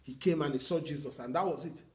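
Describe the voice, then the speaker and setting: Earnest preaching man, fairly high voice. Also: fast talker, a little mellow. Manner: earnest teaching with repeated phrases and quoted prayers. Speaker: pastor. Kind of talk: sermon.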